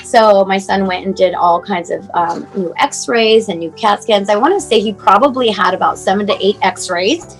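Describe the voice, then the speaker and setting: Woman, forties, mother, emotional, halting, filler-heavy, near tears, video call, faint music. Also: medium pitch, low-quality recording. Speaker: mother telling her son's story as guest. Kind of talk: personal storytelling, casual and unscripted.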